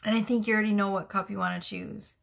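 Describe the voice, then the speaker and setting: A woman's voice: medium pitch, steady tone, quick pace, vocal fry. Giggly, chatty woman tarot reader. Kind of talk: casual tarot reading to camera.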